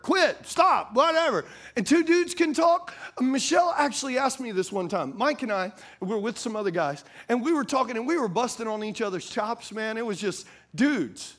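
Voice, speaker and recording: A man with a strikingly high voice delivers a humorous sermon. He keeps it conversational and playful, using folksy slang and repeatedly calling on his listeners to agree with him. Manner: playful, calls out to the audience for agreement.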